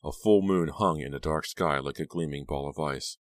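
A man narrating a horror audiobook in a steady, dramatic reading. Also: rumbling low, normal speed, no echo.

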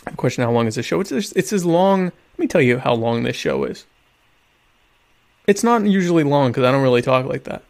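A man hosting a casual live stream, rambling and interrupting himself, with deadpan, mock-pompous humor. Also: mid-range voice, a little fast. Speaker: live show host.

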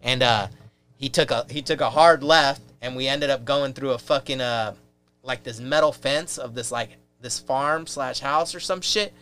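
Bright, clear-voiced profane storyteller. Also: male voice, medium pitch, moderate pace. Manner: loose, profane, animated storyteller. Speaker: podcast guest. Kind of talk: casual chat, storytelling.

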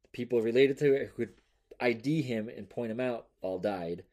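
A man's voice: mid-range voice, normal speed, darkish tone. A man hosting a casual true-crime podcast, reading from notes loosely, swearing offhandedly and laughing often. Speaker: podcast host. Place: home room with a noisy cat.

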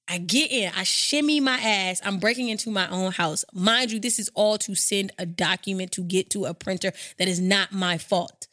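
Woman host; animated, profane storyteller who acts out the lines. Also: mid-range voice, no room sound, clean studio sound. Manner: animated, profane, acts out her own quotes. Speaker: podcast host. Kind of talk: casual storytelling monologue.

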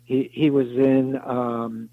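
A man's voice: medium pitch, little pitch movement, slow, no room sound, phone-quality sound. A man being interviewed as a songwriter, telling long rambling anecdotes and acting out the other people in them. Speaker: songwriter guest. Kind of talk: interview storytelling.

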